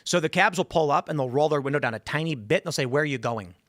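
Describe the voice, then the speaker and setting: A man's voice: fairly high pitch, fast talker, fairly bright tone. A male show host chatting in a studio, a rambling storyteller who acts out the voices of people in his stories. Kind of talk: casual studio chat.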